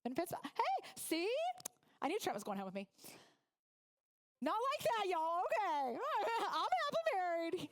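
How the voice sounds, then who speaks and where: Lively high-voiced woman telling stories. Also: moderate pace, long pauses. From Oklahoma. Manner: lively storytelling, laughs with the audience. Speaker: guest speaker. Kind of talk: humorous motivational speech.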